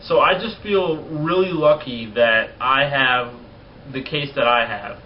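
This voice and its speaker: A man in his twenties talking casually on a vlog, blunt and profane, rants that get animated. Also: mid-range voice, measured pace. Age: 20s. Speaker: vlogger. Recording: distant lo-fi mic with faint noise.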